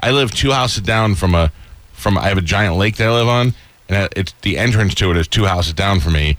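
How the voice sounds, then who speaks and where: A man's voice: low-pitched, animated, brisk, fairly bright tone, no echo. A man hosting an interview, teasing his guest and chatting casually. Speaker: host. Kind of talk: casual chat.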